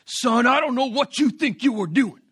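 A stern police officer lays down the law in a bright, high voice, as a man acts him out within a sermon story. He lectures sharply and quickly, with no room left for argument. The sound is close and dry. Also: slightly rough, no room sound. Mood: scolding. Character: stern male police officer scolding a boy.

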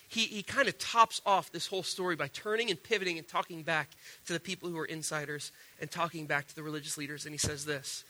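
A pastor who is sick preaches a casual sermon from the platform in a high, bright, sharp voice. Animated and conversational, he stumbles into restarts and repeats words as he builds his point.

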